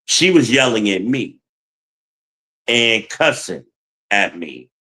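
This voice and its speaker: A man's voice: mid-range voice, a bit bright, poor audio. A man giving blunt, profane relationship advice in a heated livestream rant, talking to his chat.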